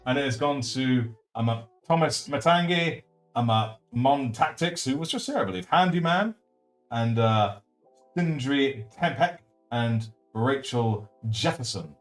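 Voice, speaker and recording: A man with a baritone voice hosting a casual painting livestream, chatty and jokey, thanking viewers as he works. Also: animated, measured pace, soft background music. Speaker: livestream host.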